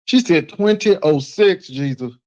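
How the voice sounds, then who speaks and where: A man's voice: on the high side, animated, a little slow, darkish tone, highs cut off. A man in casual live call-in chat, sassy and teasing, repeating his points with emphasis.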